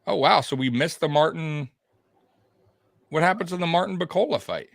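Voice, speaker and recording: A man's voice: fairly high pitch, lively intonation, moderate pace, creaky, no echo, studio quality. A man co-hosting a podcast, giving casual live fight commentary in a chatty, rambling way, often repeating himself and laughing. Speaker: podcast co-host.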